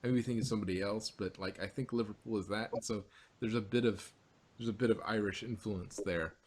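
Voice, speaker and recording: A man's voice: fairly low pitch, fairly even intonation, fairly quick, a little mellow. A man co-hosting a casual review chat, rambling with many restarts and frequent laughs. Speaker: podcast co-host.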